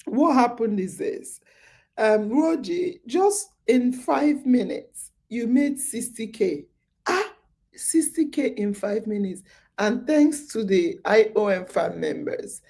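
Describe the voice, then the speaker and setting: Woman host, drowsy and chatty, unhurried, dark-toned voice, loops back over her words. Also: a little high, animated, creaky. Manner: chatty storytelling, repeats phrases, many fillers. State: sleepy, yawning. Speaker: podcast host. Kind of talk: casual live-stream chat.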